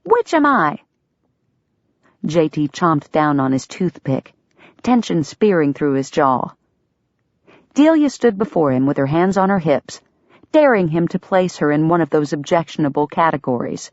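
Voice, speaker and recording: Expressive woman narrating an audiobook. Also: low-pitched, normal speed, no room sound. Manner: expressive storytelling. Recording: dull, dry lo-fi sound.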